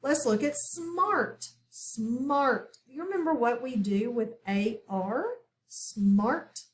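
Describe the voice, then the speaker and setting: Slow, clear woman teaching phonics. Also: a little high. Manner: slow, clear, over-articulated word repetition. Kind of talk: online phonics lesson for children.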